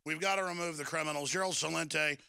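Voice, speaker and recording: A man's voice: a little high, steady tone, fast, gravelly, sharp tone, smooth, no room sound. A man hosting a talk radio interview, intense and agitated, rambling with restarts. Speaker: radio host.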